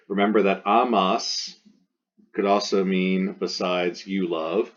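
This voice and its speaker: Slow, low-voiced male Latin teacher. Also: steady tone, lo-fi sound. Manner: slow, methodical, repeats forms to drill them. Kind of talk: recorded grammar lesson.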